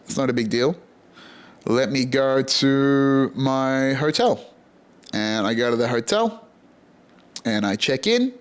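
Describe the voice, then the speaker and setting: Profane Australian man telling a story. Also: mid-range voice. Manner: profane, animated, retells dialogue in voices. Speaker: podcast host. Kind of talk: casual storytelling.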